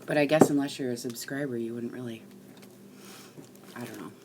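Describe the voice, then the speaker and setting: A middle-aged woman rambling casually to live-stream viewers while she crafts at home, chatty and quick to swear. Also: very deep voice, steady tone, heavy background noise.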